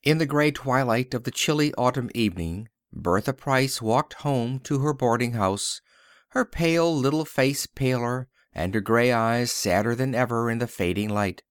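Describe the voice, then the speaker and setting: A man's voice: medium pitch, moderate pace, smooth, no room sound, studio quality. A man narrating an old-fashioned story as an audiobook, reading expressively. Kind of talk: scripted narration.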